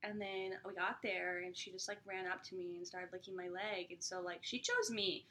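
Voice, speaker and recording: A woman's voice: lowish voice, steady tone, a bit bright, slight background noise. A young woman co-hosting a podcast in casual chat, talking freely with lots of "like" and easy laughter. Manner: chatty, heavy use of "like", quick laughs. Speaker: podcast co-host.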